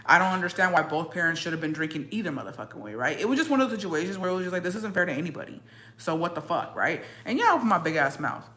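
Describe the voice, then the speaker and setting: A woman's voice: lowish voice, rapid-fire, hardly any pauses. Blunt, profane woman with a Mexican-American accent. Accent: Mexican-American English with Spanish code-switching. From Mexican-American family. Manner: blunt, profane, animated, code-switching. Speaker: streamer. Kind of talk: casual chat reacting to viewers.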